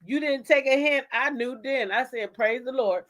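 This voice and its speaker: A woman's voice: sits high, moderate pace. A woman host, telling a courtroom story in a casual, dramatic way with many asides to her viewers. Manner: animated, laughing, dramatic retelling with asides to viewers. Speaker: commentary channel host.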